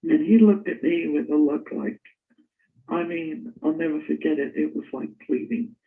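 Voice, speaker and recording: An older woman telling stories in a casual interview, animated and laughing as she recalls. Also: low-pitched, normal speed, vocal fry. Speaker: interview guest. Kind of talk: casual storytelling. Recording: tinny phone-like line.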